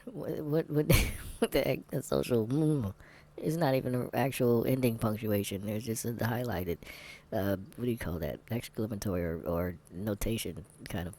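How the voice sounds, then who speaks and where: A man's voice: on the low side, moderate pace, warm tone. A man vlogging candid commentary while taking a test, rambling, sarcastic and muttering asides to himself.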